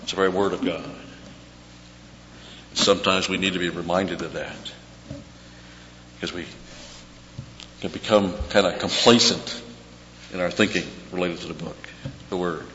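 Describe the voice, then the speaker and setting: A man preaching a verse-by-verse sermon, repeating key words slowly for emphasis. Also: low-pitched, fairly even intonation, a bit bright. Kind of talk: expository sermon on scripture. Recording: dull echoey hall with faint hum.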